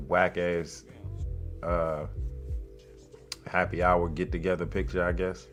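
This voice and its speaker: A man hosting a podcast, reading a news article aloud and mocking it with profane, sarcastic asides. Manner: jumps between flat reading and loud, high outbursts. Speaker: podcast host. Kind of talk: casual news commentary.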